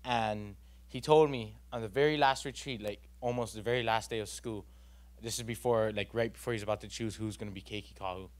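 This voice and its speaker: A man's voice: fairly low pitch, steady tone, a little fast. A young man, giving an earnest, rambling personal testimony at a church youth gathering, full of fillers and restarts.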